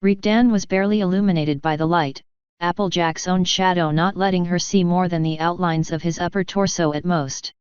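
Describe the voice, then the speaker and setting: A woman with a low, exceptionally smooth voice reads a story in a measured, dramatic way. The sound is close and dry, with a slightly dull, lo-fi tone to the recording. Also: steady tone, darkish tone, no echo. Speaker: fanfiction reader. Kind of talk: storybook narration.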